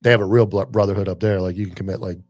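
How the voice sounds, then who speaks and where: A man's voice: sits low, fairly even intonation, racing, crowd noise. A man who is a former cop telling profane stories in casual podcast chat, acting out the people he quotes. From northern US.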